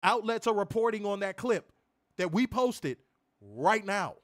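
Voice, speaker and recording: A man's voice: high voice, expressive, unhurried. A man co-hosting a wrestling review stream, ranting angrily and profanely with emphatic, insistent delivery. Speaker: wrestling show co-host. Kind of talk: heated profane rant on a stream.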